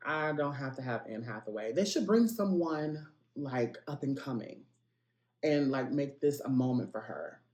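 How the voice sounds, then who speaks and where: A man hosting a gossip podcast, with a voice of middle pitch. He talks in a chatty, playful way, jumping into asides and speaking straight to his audience. The recording carries a noticeable room echo. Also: lively intonation, moderate pace, darkish tone, dull audio. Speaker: podcast host. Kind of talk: casual celebrity gossip podcast.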